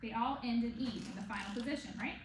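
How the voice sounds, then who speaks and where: A woman's voice: fairly high pitch, fast talker. A woman teaching a one-on-one reading lesson, patiently checking in with the student. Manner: patient, checks in with "okay?" and "right?". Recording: echoey room with noise.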